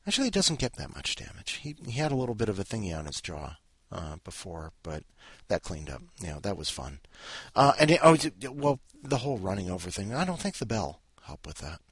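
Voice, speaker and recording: Husky guy hosting a podcast, rambles and trips over himself, pitch jumps all over, dry sound. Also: sing-song, fairly quick, fairly bright tone. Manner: meandering, self-interrupting, wry asides. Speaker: podcast host. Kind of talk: rambling casual chat.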